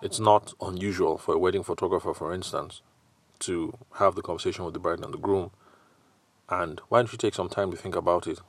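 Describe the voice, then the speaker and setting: A man's voice: deep voice, fairly even intonation, a little fast, dry recording. A man with a Nigerian accent hosting a solo sales podcast, talking conversationally and acting out quoted customers and salespeople. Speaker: podcast host and sales consultant.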